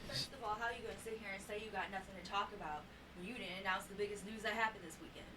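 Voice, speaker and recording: A woman's voice: mid-range voice, racing, noisy background. A woman co-hosting a casual podcast chat, teasing her partner and laughing a lot. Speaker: podcast co-host.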